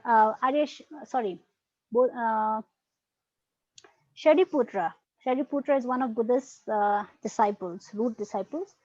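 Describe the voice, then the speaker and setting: Her voice sits high and has no room sound as she runs an online Buddhist philosophy class on a video call. She patiently explains, checking in often with "right?" and "okay," though the audio is dull and lo-fi.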